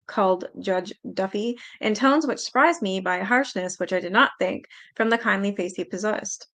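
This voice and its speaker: A woman's voice: medium pitch, moderate pace, few pauses, fairly bright tone. Casual woman reading a memoir aloud. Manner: casual, laughs now and then, stumbles over words. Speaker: reader.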